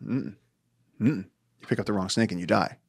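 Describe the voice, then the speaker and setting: Male podcast guest, thirties, low gravelly voice, dry close sound, animated storyteller who acts out quotes. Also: moderate pace, no echo. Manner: animated storyteller acting out quotes, swears casually. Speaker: podcast guest, wildlife conservationist. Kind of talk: casual storytelling chat.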